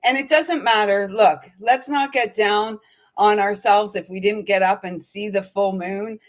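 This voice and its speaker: Middle-aged woman, spiritual channel host; bubbly, giggly casual chat, middle pitch. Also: steady tone, measured pace. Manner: bubbly and giggly, sings snatches of songs.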